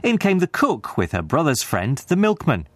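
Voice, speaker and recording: A man giving an expressive, scripted narration of a classic story. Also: on the high side, moderate pace, no echo.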